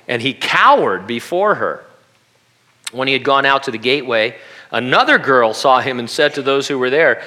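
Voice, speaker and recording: A man's voice: mid-range voice, bright, forceful tone. A man preaching a sermon in a conversational way, with humorous asides and acted-out quotes. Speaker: pastor.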